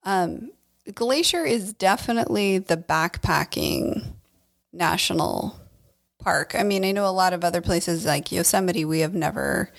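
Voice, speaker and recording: A woman's voice: on the low side, animated, unhurried, gravelly. A woman co-hosting a podcast, chatting casually and agreeably, often chiming in with short replies. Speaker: podcast co-host. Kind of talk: casual chat.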